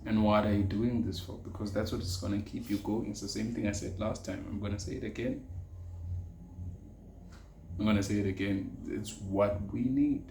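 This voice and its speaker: A young South African man talks earnestly on his own podcast in a fairly low voice. He repeats his points and slips Zulu words into his English. The room sounds echoey, with a faint hum of ambience behind him. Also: steady tone, moderate pace, dark tone. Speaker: podcast host. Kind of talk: casual solo podcast monologue.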